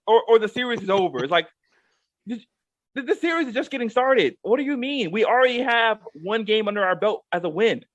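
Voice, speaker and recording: Male co-host, high and lively voice, heated repetitive rant, dry close recording. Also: brisk, no echo, muffled recording. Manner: emphatic and repetitive, drives points home with "okay?". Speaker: co-host giving a rant segment.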